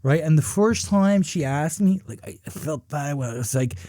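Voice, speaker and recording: A podcast host tells a story casually, rambling, swearing and leaning heavily on fillers like "you know" and "right?". His voice is on the high side, expressive and mellow at a moderate pace, recorded at studio quality with no echo.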